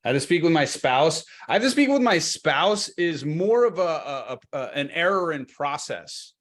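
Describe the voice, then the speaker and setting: Upbeat higher-voiced man coaching sales. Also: moderate pace. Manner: energetic, conversational, acts out seller and agent lines. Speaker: real estate sales trainer. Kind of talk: live training webinar talk.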